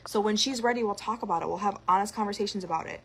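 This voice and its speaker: A young woman ranting in an outspoken, animated monologue to camera. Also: mid-range voice, rapid-fire, husky. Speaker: vlogger.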